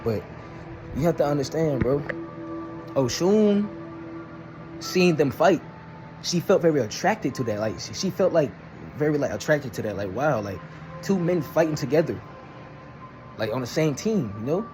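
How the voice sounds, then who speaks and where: A young man retells an old myth in a loose, rambling, slangy manner, his voice sitting fairly high for a man. He talks like he is chatting with friends. Faint music plays in the background. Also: sing-song, normal speed, pauses often. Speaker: storyteller. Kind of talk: casual storytelling.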